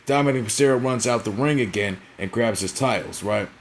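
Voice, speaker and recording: A man's voice: mid-range voice, a little fast, slight background noise. A young man casually recapping a wrestling show, rambling and profane, forever tagging on "right?" and "you know what I'm saying?".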